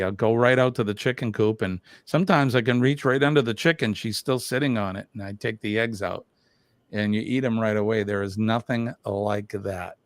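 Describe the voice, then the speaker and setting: A man's voice: medium pitch, moderate pace, no room sound, studio quality. An older man hosting a casual live stream, chatting and reading viewer comments aloud with lots of fillers.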